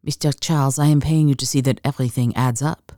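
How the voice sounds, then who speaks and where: A woman brings out an elegant, scheming museum director with a subtle French accent. She speaks in a cool, composed purr. The tone is mellow and dark, and the sound is dry and close. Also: rumbling low, moderate pace, dry recording.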